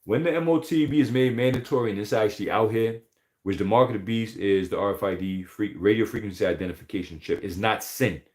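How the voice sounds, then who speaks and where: A man giving an informal scripture teaching, emphatic and profane, often pausing to ask "all right?". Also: on the low side, a little mellow. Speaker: religious teacher.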